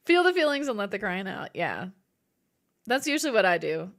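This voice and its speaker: Sing-song and brisk at a medium pitch, this woman chats casually on her live stream. She reads messages from viewers, laughs in frequent giggles, and plays out her own thoughts aloud.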